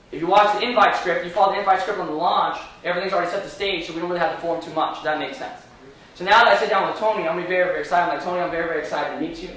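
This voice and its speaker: An energetic man trains a room of salespeople, firing rhetorical questions at his audience. His voice sits high and he talks fast. He is recorded from far off in a very echoey room. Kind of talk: live training seminar.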